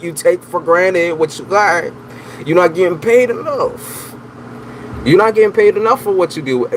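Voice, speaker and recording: A man's voice: on the high side, low-quality recording. Slangy man reading tarot on a stream. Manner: slangy, loose and teasing, talks straight to viewers. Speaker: tarot reader, livestream host. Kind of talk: casual livestream chat. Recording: steady background noise.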